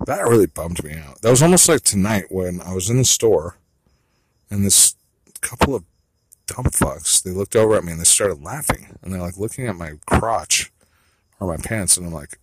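A man's voice: low voice, expressive, fairly quick, a little hiss or hum. A man telling a rambling, profane personal monologue who keeps second-guessing himself. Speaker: vlogger.

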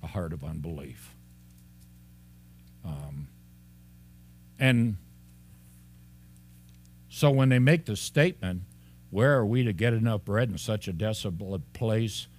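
A man preaching an expository sermon as a pastor. He talks in an animated way, laughs often and acts out the lines of the people in the story. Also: on the low side, slow, pauses often.

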